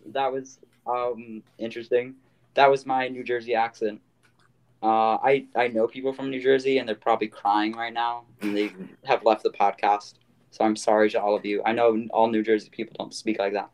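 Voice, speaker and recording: A man's voice: fairly low pitch, level tone, a little fast, darkish tone. A man hosting a casual podcast, rambling with many fillers. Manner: rambling, full of fillers and restarts. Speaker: podcast host.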